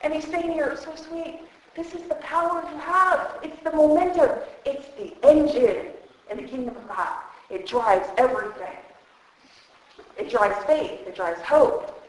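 A woman preaching at a retreat, lively and emphatic, repeating words for effect. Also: sits high, a little slow, far from the mic. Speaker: retreat speaker. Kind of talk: sermon. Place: hall at a church retreat. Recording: echoey hall.

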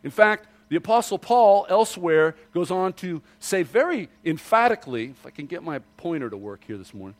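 Animated man preaching a sermon. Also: moderate pace. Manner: animated preaching with rhetorical questions, drops low and quiet for emphasis. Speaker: pastor.

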